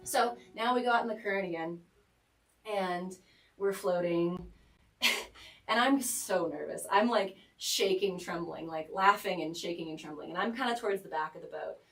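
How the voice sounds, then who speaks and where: A woman as a radio guest, telling a rambling story with animated, laughing delivery and lots of "like" fillers. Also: lowish voice, moderate pace, creaky, echoey room, far from the mic, rough recording. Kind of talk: casual storytelling. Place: radio studio.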